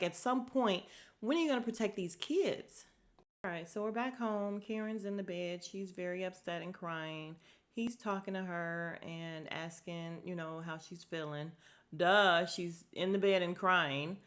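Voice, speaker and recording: A woman's voice: fairly low pitch, fairly bright tone. A woman hosts a casual podcast recap, talking straight to her listeners. She is blunt and opinionated, and she keeps slipping in sarcastic asides and exasperated remarks. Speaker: podcast host recapping a TV show. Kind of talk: casual chat.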